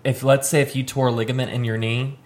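A man's voice: mid-range voice, little pitch movement, fast talker. Rambling male podcast host. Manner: rambling, restarts mid-thought. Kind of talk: casual chat. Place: studio.

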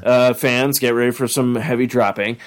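A man's voice: medium pitch, fairly even intonation, normal speed. A man co-hosting a casual podcast, rambling and enthusiastic with plenty of swearing. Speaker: podcast co-host. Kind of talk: casual chat.

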